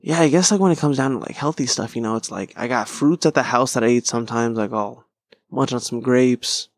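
A man's voice: mid-range voice, brisk, no echo. Profane, rambling male podcast host. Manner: rambling, profane, self-deprecating. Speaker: podcast host and stand-up comic. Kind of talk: casual solo podcast chat.

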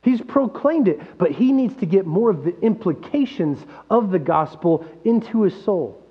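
A man with a high voice preaches a sermon, lively and full of rhetorical questions. His voice rings through a large hall with a long reverb. The recording sounds dull and lo-fi, with a faint mains hum underneath. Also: normal speed, breathy edge. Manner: animated, acts out quoted voices, rhetorical questions. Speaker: pastor.

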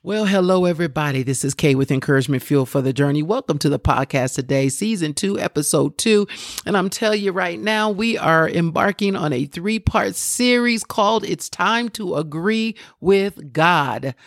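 A woman's voice: on the low side, brisk, dry recording, clean studio sound. A woman hosting a devotional podcast, teaching with fervent exclamations and repeated phrases. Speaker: podcast host and preacher.

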